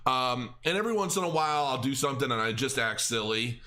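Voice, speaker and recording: A man's voice: medium pitch, fast talker, bright, forceful tone. A middle-aged man hosting a crypto channel, rambling in a casual chat with restarts and filler words.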